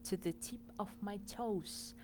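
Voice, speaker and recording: A woman reading aloud, voicing a small, energetic young male furry creature who speaks eagerly and earnestly. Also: mid-range voice, slow pace, noisy background, close to an everyday voice.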